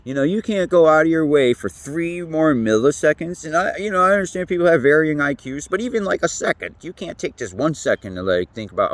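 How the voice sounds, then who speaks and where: A man's voice: a little high, sing-song, fairly quick, dry recording. A man talking in a rambling, profane monologue as a podcast host, laughing often and swinging between loose musings and heated rants. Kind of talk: casual monologue.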